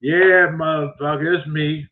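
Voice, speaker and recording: A man voicing a rude, taunting male prank caller who drawls slow, sneering insults. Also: fairly high pitch, steady tone, close to an everyday voice. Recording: phone-like lo-fi audio.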